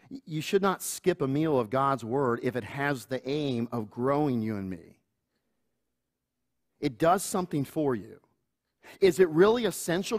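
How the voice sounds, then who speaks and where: A middle-aged man, the pastor, preaching a sermon earnestly, with playful asides and chuckles and acting out family members in a higher voice. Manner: acts out quoted family voices in higher pitch.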